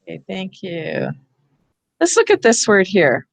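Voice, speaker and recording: A woman's voice: mid-range voice, huge pitch swings, measured pace, vocal fry. A woman leads teachers through a reading workshop over a video call, explaining patiently step by step.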